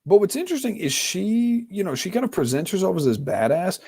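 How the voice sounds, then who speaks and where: A man's voice: sits high, sing-song, brisk, gravelly, dark tone, husky, no echo, clean studio sound. A man co-hosting a podcast, chatting casually about a film and thinking aloud as he rambles. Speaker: podcast co-host. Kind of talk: casual film-discussion chat.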